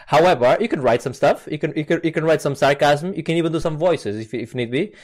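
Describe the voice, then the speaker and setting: A man's voice: a little high, quick pace, darkish tone. A man hosting a podcast over a video call, chatting casually, rambling and repeating and restarting words. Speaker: podcast host. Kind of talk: casual chat. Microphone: mic on a video call recording.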